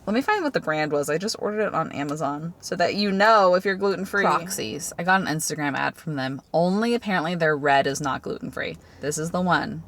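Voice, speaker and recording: A woman's voice: deep voice, fairly quick, few pauses. A woman in her twenties with a light Southern American accent, telling stories in a casual, chatty vlog. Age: 20s. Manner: chatty, animated, lots of "like". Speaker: vlogger.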